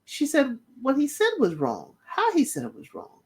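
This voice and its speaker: Lively woman recapping reality TV. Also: high voice, moderate pace, breathy edge. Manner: retells scenes and talks straight to the cast. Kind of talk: casual commentary recap.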